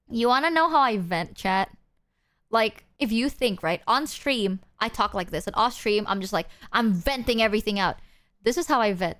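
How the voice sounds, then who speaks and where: A young woman streamer talking casually and candidly to her viewers, animated and rambling, her pitch swinging up when she quotes herself. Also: moderate pace.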